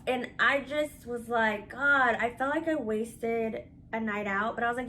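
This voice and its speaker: A woman vlogger telling a story in a casual, animated and candid way, swearing freely. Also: a little high, measured pace, few pauses, slight background noise.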